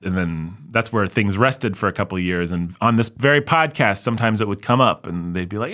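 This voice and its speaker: Animated rambling male podcast host. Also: lowish voice, brisk, few pauses. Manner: rambling, animated, swings into mock voices. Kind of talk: casual podcast chat.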